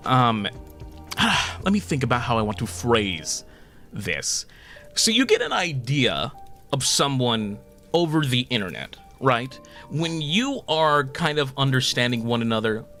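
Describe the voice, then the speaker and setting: Male streamer, lively pitch swings, casual and profane, frequent laughter, light music underneath. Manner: animated, laughs often, swears casually. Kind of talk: casual anniversary stream talk.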